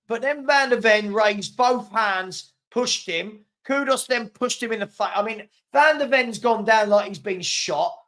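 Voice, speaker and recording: High-voiced man hosting a watchalong. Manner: animated, reacts to live chat, chuckles often. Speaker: host of a football fan watchalong. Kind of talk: live watchalong chat and match reaction.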